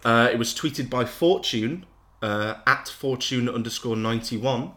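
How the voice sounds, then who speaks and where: A man's voice: medium pitch, measured pace, bright, forceful tone. A man hosting a casual podcast, reading out social media replies and laughing often. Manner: jokey, reads replies aloud with frequent laughs. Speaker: podcast host running a game.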